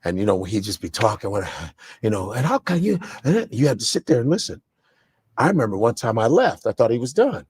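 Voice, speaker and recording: A man, a comedian, telling comic stories on a podcast in a lively, animated way, jumping into loud comic voices. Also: lowish voice, fairly quick, slightly rough.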